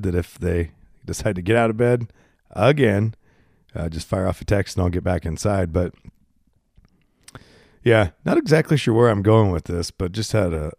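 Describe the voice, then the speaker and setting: A man's voice: sits low, darkish tone, no echo, clean studio sound. Congested man rambling into a handheld mic. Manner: rambling, candid and self-deprecating. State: congested, coughing and burping. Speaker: podcast host. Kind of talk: casual solo podcast monologue. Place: home garage. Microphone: handheld microphone.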